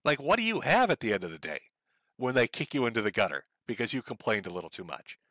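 A man's voice: mid-range voice, big pitch swings, fast, sharp tone, dry recording. A man ranting profanely and sardonically on a casual live stream, reading out viewer donations from his home computer setup on a close desk mic.

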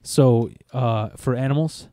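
A man's voice: mid-range voice, a little slow, warm tone, no echo, clean studio sound. A man co-hosting a casual podcast, rambling through a story with laughs and restarts. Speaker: podcast co-host. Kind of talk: casual chat.

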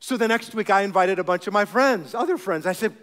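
A man pastor preaching a sermon, telling stories with animated humor. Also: high voice, normal speed, few pauses, smooth, in a large hall.

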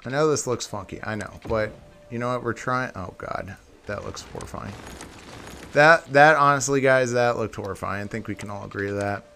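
His voice is fairly low, creaky, pushed and bright, delivered at a moderate pace with slight background noise. A video game tutorial creator, he offers casual building-tutorial commentary, chatting with viewers he calls "guys" and voicing his self-corrections as he thinks.

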